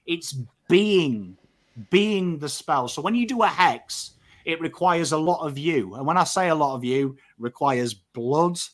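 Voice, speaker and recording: An English man talks on a casual podcast with a fairly high voice. He is animated and swears freely, often tossing in "right?" as he goes. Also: a little slow. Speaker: podcast host. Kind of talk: casual chat.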